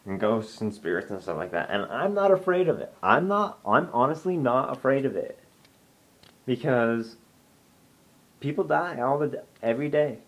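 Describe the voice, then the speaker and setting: A man's voice: medium pitch, lively intonation, moderate pace. A young man telling a ghost story from his home to camera, rambling casually with lots of restarts and "I'm like" asides. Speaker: vlogger.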